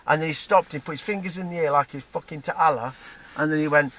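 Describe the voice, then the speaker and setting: A man with a broad Nottingham accent vents in a heated, profane rant, his voice sitting a little high for a man. He stumbles, restarts and keeps checking in with "right?". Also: fast talker, a bit bright. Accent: Nottingham English. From England, Nottingham. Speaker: vlogger. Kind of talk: angry personal rant to camera.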